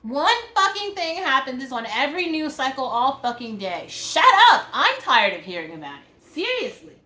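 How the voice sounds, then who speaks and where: In a roomy, echoing space, a woman records an exasperated vlog rant full of profanity and "like" fillers. She has a high, sing-song, sharp-toned voice and talks at normal speed.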